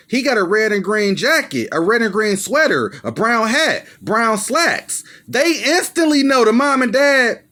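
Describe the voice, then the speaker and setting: A man's voice: sits high, sharp tone. A young man giving a casual, slangy, profane movie plot recap as the host of his own channel, acting out the characters as he goes. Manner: loose, slangy, profane, acts out lines. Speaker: movie reviewer.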